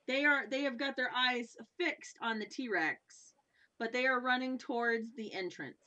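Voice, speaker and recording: A woman running a tabletop game as game master, narrating haltingly with many fillers. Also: on the high side, sharp tone, muffled recording.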